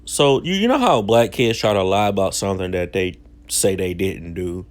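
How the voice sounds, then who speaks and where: A man's voice: low-pitched, expressive, moderate pace. A young man casually telling a story from his childhood in slangy, self-mocking talk. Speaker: vlogger.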